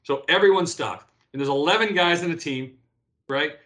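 A man in his fifties talks as an interview guest with a fairly high-pitched voice. He tells stories animatedly, often restarting and repeating words as he works out his point. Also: normal speed, fairly bright tone. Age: 50s. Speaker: interview guest, former pro athlete. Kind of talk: casual interview talk.

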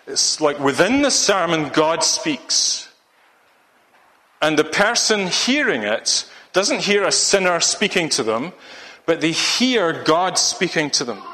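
Guy preaching, bright tone, lots of ums and restarts, long hall echo. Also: a little high. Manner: rambling, with many restarts and fillers. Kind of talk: sermon.

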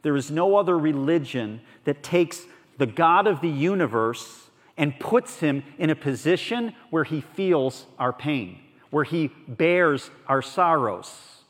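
A man preaches a sermon in an earnest, conversational way, his voice sitting a little on the high side. He drops soft, then presses a point emphatically. The sound hangs in the long reverb of a big hall. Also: expressive, slow. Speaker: pastor.

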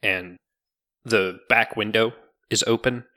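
A man running a tabletop game as game master, narrating in a relaxed, joking way. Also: on the low side, takes it slowly.

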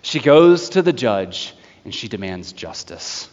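A man delivers a sermon in a lively storytelling manner, slipping into quick voices for the people he describes. His voice rings out with a long reverb from a large hall. The recording has a slightly dull, muffled tone. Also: fairly low pitch. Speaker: preacher.

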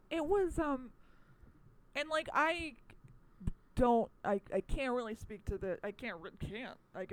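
This young podcast co-host speaks at medium pitch in a low-quality indoor recording from New York with a little hiss or hum. Her casual chat rambles along, packed with fillers and restarts.

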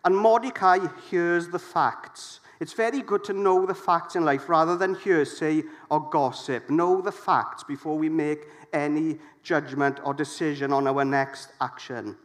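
Lively preacher, fairly high voice. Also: male voice, a little slow, hardly any pauses. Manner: lively, jokey, asks the congregation questions. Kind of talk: sermon.

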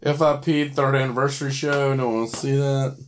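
A man's voice: mid-range voice, fairly even intonation, fairly quick, a little hiss or hum. A man co-hosting a casual podcast chat, wry and profane, reading match lists aloud. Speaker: podcast co-host.

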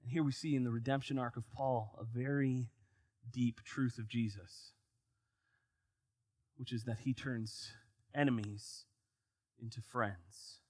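A man's voice: medium pitch, steady tone, measured pace, pauses often, a little mellow, no echo. A man preaching a sermon, reading scripture aloud and then explaining it with rising emphasis.

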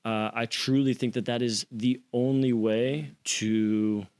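A man's voice: medium pitch, steady tone, slow pace, darkish tone, clear, resonant tone. A man in casual conversation, telling stories and acting out quotes in other voices, with casual swearing.

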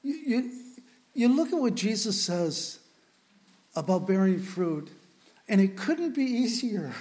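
A man's voice: high-pitched, very animated, darkish tone. A pastor preaching a sermon, a man who talks earnestly and with feeling, often stopping to restart his sentences. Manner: earnest and impassioned, with halting restarts. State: emotional.

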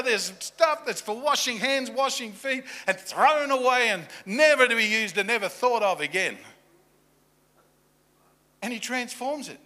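A man with a high, bright, ringing voice preaching a sermon. He swings between loud, punchy emphasis and quiet, intimate asides, and acts out the people in the story with quick voices. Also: lively intonation. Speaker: pastor.

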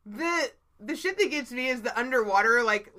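A woman co-hosting a relaxed chat show, talking loosely and swearing without a second thought. Her voice sits a little high and sounds bright and clear. She laughs easily between points. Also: normal speed. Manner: chatty, swears freely, laughs often. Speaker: podcast co-host. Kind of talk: casual chat.

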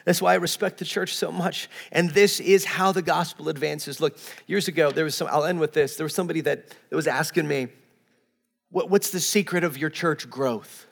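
High-voiced preaching man in echoing hall. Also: fairly even intonation, brisk, gravelly, few pauses. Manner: earnest, emphatic preaching with frequent word repeats. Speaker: pastor. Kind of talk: sermon.

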